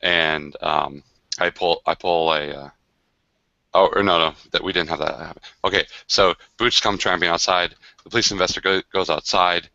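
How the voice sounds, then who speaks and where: A man with a deep voice and a bright, forceful edge tells a long game anecdote in a loose, chatty way, full of fillers and restarts. The sound is dry and a little dull, like a video call. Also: moderate pace, no echo. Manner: rambling, many fillers and restarts, animated. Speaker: game designer on a livestream. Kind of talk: casual storytelling of a game session.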